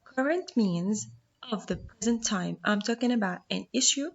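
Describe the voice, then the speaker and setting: Teaching phonics, this woman, a native Arabic speaker, takes her time and pronounces each word one syllable at a time. She has a mid-range voice with noticeable vocal fry, captured on a muffled recording.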